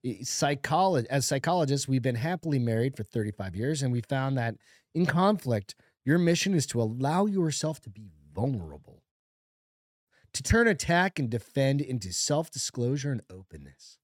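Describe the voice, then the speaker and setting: A man's voice: mid-range voice, expressive, normal speed, no echo, studio quality. A middle-aged man co-hosting a comedy podcast, reading a list aloud with sarcastic, profane mock earnestness. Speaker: podcast co-host.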